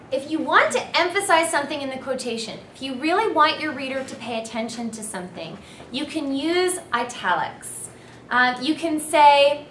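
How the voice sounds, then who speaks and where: A woman's voice: a little high, a bit bright. Woman lecturing in an echoey room. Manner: clear, instructive, emphatic. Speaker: university English lecturer. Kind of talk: recorded seminar lecture. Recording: echoey room, faint noise.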